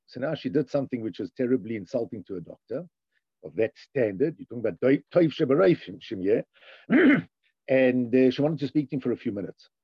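A man's voice: mid-range voice, expressive, a little fast, breathy edge, dry recording. A man giving a lecture, reading a passage and explaining it, with sing-song rises on the read lines. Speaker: Torah teacher. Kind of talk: lecture reading a text and translating. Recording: dull, dry lo-fi recording.

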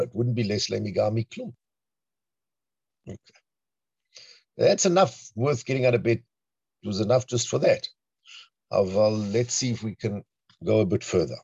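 A man teaching a Torah class in an animated, emphatic way, often asking rhetorical questions. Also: medium pitch, creaky, husky, no echo. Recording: dull lo-fi recording.

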